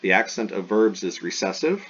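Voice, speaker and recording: A man teaching a recorded lesson, spelling out terms slowly and showing real enthusiasm for the words. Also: deep voice, expressive, a bit bright, slightly rough. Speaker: Greek teacher. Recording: dull lo-fi recording with faint hiss.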